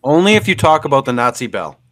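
A man on a podcast, cracking profane jokes and laughing loudly in casual chat. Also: medium pitch, sing-song, fast. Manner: wisecracking, profane, loud laughs. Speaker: podcast co-host.

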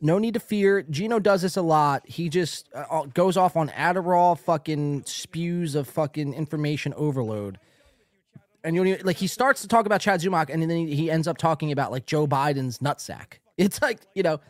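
A male podcast host rambles through a live stream in a casual, profane way, reading chat messages aloud. His voice sits a little high and swings widely in pitch. The sound is dry and close. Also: animated, moderate pace, dry recording.

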